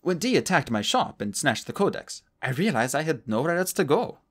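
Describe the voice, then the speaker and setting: A man reading a calm, smooth old alchemist. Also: fairly high pitch, brisk, pitched above the performer's own voice.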